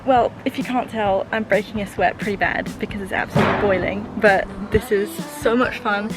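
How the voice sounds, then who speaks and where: A young woman talking casually to her camera in a vlog, chatty and excitable. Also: mid-range voice, a little fast, poor audio. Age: young adult. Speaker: vlogger. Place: van and outdoors. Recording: loud background music.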